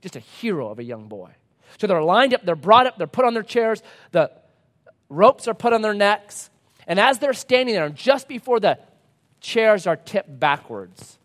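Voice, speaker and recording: High-voiced man preaching with dramatic swings. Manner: dramatic storytelling with wide swings from loud to hushed; acts out playful voices for talking objects. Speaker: pastor. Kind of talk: sermon.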